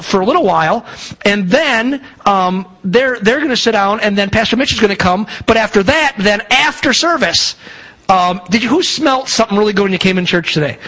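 A male pastor stands before his congregation, talking in a loose, rambling way full of restarts and fillers. His voice sits high and bright. It is the sound of a church announcement and introduction. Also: low-quality recording. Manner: rambling, warm-hearted with frequent restarts and fillers. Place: church sanctuary.

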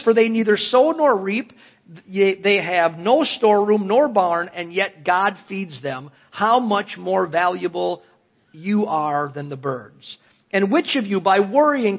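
A man's voice: high-pitched, breathy edge. A male pastor giving a sermon. He reads long scripture passages and asks the congregation earnest questions, with emphatic rises in his voice. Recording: dull lo-fi audio.

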